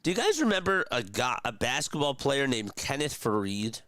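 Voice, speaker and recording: A young man calling a game play-by-play on a live stream, chatty and rambling between pitches and talking to his viewers. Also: very animated, normal speed, bright, forceful tone, no room sound. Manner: chatty, rambling asides between calls, talks to chat. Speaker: streamer doing radio-style play-by-play.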